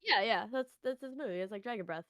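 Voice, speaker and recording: A woman co-hosting a casual reaction chat with low-key, reassuring remarks. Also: animated, a little fast, a bit bright, dry recording, studio quality. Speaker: co-host.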